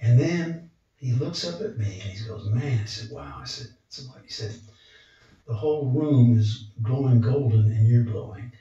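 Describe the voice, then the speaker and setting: In a dull, roomy church recording captured from a distance, a man of medium pitch and normal speed tells his testimony. He animates the story and gives each quoted person a voice of their own.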